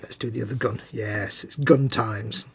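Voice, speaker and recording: A man's voice: on the low side, steady tone, normal speed, creaky, a little hiss or hum. A British man co-hosting a live model-making stream, chatting casually and teasing his co-host while he works. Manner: chatty, teasing, laughs easily.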